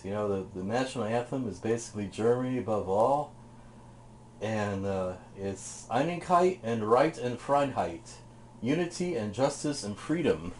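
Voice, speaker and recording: A man's voice: mid-range voice, slight background noise. A man casually showing off his purchases, talking in a chatty, rambling way. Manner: chatty, rambling, tells stories; eats while talking.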